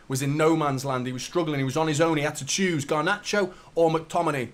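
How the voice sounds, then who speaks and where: Excitable fan commentating live. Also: male voice, fairly quick, few pauses. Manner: excitable play-by-play, jumps to high excited shouts. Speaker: football fan channel host.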